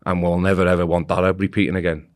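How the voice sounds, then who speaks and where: A man's voice: sits low, quick pace. A man guesting on a football podcast, telling a rambling story casually and acting out the voices of the people in it. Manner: animated, acts out quoted voices; rambling with restarts.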